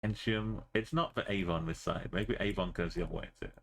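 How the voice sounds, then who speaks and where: A man's voice: low-pitched, brisk, vocal fry, fairly bright tone. A man streaming a map game, talking in a rambling, jokey way. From Britain. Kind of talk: casual gaming commentary.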